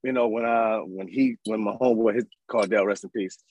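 A man in his thirties from New York, telling his life story as an interview guest in an animated, casual way. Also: fairly low pitch, brisk, no echo, muffled recording. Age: 30s. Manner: animated, acts out voices in his stories.

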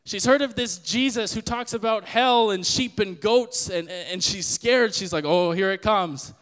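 A young man hosting a podcast, giving a casual sermon-style Bible talk in an animated way and acting out the voices he quotes. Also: sits high, a little slow, in a large hall. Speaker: podcast host.

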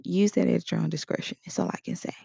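Woman with a heavily creaky voice. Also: on the low side, quick pace, mellow, dry recording. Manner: conversational, acts out example quotes. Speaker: instructor. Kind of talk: casual spoken lesson.

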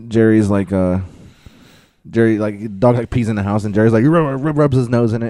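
A man's voice: fairly low pitch, steady tone, brisk, dark tone, no room sound. A man co-hosting a casual podcast, retelling scenes in a rambling way full of fillers and swearing. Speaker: podcast co-host. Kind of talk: casual chat.

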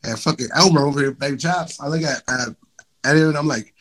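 A man's voice: a little high, fast. A man guesting on a casual podcast, slangy and profane, stumbling and restarting as he tells stories. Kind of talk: casual chat among friends.

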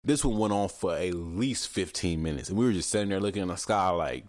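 A man's voice: low voice, fairly quick, hardly any pauses, no echo, studio quality. A young man hosting a casual solo podcast, telling stories bluntly, cursing freely and mimicking how other people talk. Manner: animated storytelling, mimics other people's voices. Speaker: podcast host.

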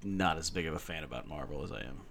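A man's voice: rumbling low, animated, fast talker, creaky, fairly bright tone, slight background noise. A man co-hosting a podcast in casual chat, rambling and ranting with plenty of swearing. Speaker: podcast co-host.

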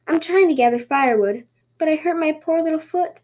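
A woman's voice: high-pitched, brisk, darkish tone, pitched above the performer's own voice, close to an everyday voice. A woman voicing a sly male rabbit trickster who sweet-talks in a falsely innocent way.

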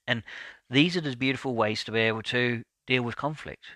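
A man hosting a solo podcast, talking in a calm, measured and deliberate way, sometimes repeating words as he thinks. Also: medium pitch. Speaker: podcast host.

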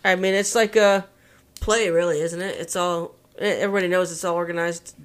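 A podcast co-host with a mid-pitched voice chats casually and teases the other host. The talk is loose and joking, with frequent laughter. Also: fairly even intonation, brisk, fairly bright tone. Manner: teasing, laughs often. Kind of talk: casual chat.

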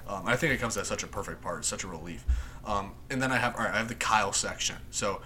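A man hosting a casual chat, excitedly quoting lines and laughing often. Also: lowish voice, quick pace, slight background noise. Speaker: podcast host.

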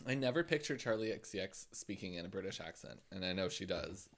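A co-host in casual chat, loud and crude, who breaks into cackling laughter. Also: low-pitched, expressive, fast talker.

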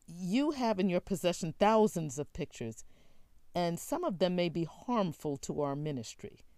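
A woman's voice: lowish voice, expressive, moderate pace, dark tone, dry recording, clean studio sound, natural voice. A woman reading the lines of a nervous grown son who hesitates and stammers. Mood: cautious.

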